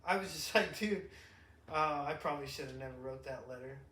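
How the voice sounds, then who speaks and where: Profane, animated middle-aged man in echoey room. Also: on the high side, fairly quick. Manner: profane, animated storytelling with shouted impressions. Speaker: podcast co-host, father. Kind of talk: casual chat.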